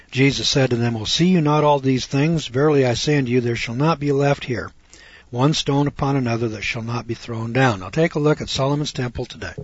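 Husky folksy older man teaching Bible. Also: mid-range voice, dry recording. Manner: folksy, chatty, rhetorical questions. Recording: dull dry lo-fi recording.

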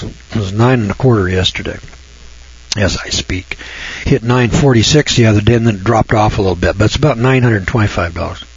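A man lectures a class in a folksy, husky voice, tripping over words at times before pushing hard on a point. The recording is dull and lo-fi. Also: on the low side. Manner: folksy, stammering at times, rising to heated emphasis.

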